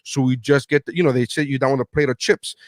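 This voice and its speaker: A man's voice: medium pitch, steady tone, fast, dry recording, clean studio sound. A middle-aged man hosting a podcast, telling stories in casual chat and acting out his own lines, swearing freely. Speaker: podcast host.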